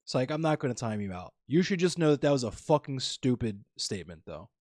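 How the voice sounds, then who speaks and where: A man's voice: medium pitch, expressive, fast, darkish tone, no room sound, studio quality. A man streaming live, lecturing his chat in a heated, profane political rant.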